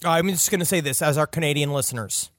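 Joking high-voiced man, dry mic. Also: fast talker, fairly bright tone, no echo. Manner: joking, mock-serious riffing. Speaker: podcast co-host. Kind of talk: casual comedic chat.

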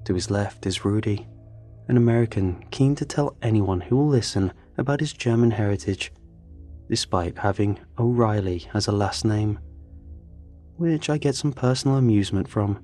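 Man, story narrator, measured, tense, low-pitched, warm, faint music behind. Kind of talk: scripted first-person narration.

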